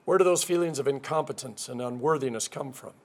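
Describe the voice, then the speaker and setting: A man preaching a sermon in a relaxed, conversational way, pausing for humorous asides. His voice sits at a medium pitch. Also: gravelly.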